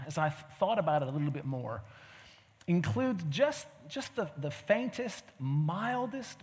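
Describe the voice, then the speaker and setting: A man delivers a sermon like he's telling a story to friends, asking question after question. His voice sits high and swings widely in pitch. A long reverb trails behind him as if he's in a big hall. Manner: conversational, animated storytelling with rhetorical questions. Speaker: preacher.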